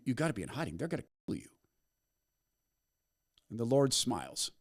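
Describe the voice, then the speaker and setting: A man hosting a commentary podcast, retelling a story with a dramatic, storytelling delivery. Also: lowish voice. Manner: storytelling, dramatic pauses, animated. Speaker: podcast host. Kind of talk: commentary monologue.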